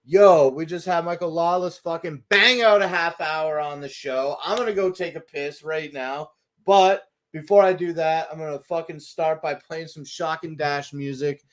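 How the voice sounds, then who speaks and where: A man's voice: a little high, fairly even intonation, normal speed. Loose, swearing male show host. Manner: loose, profane, upbeat banter. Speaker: host of an online music show. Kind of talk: casual show hosting.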